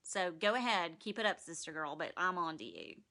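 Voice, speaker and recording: A woman putting on a calm, quietly suspicious man who talks low and confiding. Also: normal speed, gravelly, exaggerated voice. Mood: knowing.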